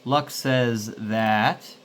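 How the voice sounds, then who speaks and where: A man's voice: mid-range voice, steady tone, very slow, fairly bright tone, slight background noise. A man casually playing a solo tabletop game, rambling and thinking aloud to himself. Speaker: solo game player and host.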